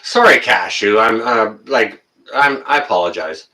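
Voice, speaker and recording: A man chatting casually on a livestream, his voice swinging up and down as he rants and then calms to apologize. His tone is bright and sharp. He sits a little back from the microphone. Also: fairly low pitch, measured pace, recorded from a distance. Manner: ranting, gets worked up then apologizes. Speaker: livestream host reading viewer comments.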